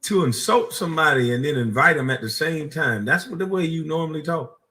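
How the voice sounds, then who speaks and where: A man with a Gullah Geechee accent from South Carolina runs a heated reaction stream, shooting back mocking insults and laughing at his own jabs. His voice is fairly high, animated and brisk, with a bright, forceful tone. He comes across as combative and derisive.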